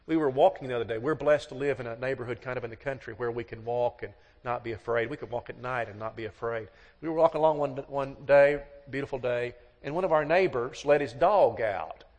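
A man's voice: mid-range voice, a little fast, a little mellow. A middle-aged man preaching a sermon on marriage in a folksy, storytelling way, acting out both sides of the dialogues. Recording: long hall reverb.

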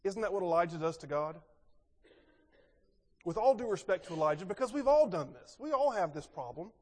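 High-voiced man preaching in a hall. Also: a little fast, slightly rough. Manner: expressive, rhetorical questions, swings between loud and soft. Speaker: pastor. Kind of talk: sermon. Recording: long reverb in a large hall.

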